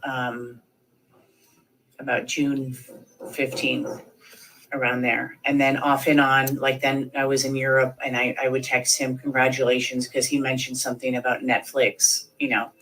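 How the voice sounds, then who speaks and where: This woman in her thirties has a bass voice, a flat, a little slow and slightly bright delivery, caught on a low-quality recording. Recounting events in an interview, she rambles, fills pauses with fillers, and acts out quoted speech.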